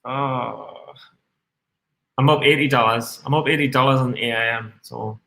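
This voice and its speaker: A man's voice: mid-range voice, fairly even intonation, measured pace, creaky, pushed and bright. A man streaming his live stock trades, swearing constantly and reading chat aloud while a bit tipsy on red wine. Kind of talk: live trading commentary. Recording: echoey room.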